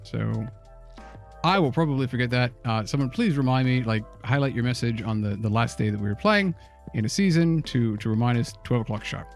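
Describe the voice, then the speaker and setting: A man's voice: medium pitch, lively intonation, brisk, gravelly, soft background music. A man co-hosting a casual game stream, chatting and thinking aloud as he plays. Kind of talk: casual let's-play chat.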